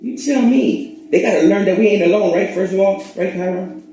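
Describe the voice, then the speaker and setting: A man hosting his own spiritual channel, rambling in a profane, casual monologue that swings between loud bursts and hushed asides. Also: high voice, fairly quick, slight background noise. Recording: very echoey room.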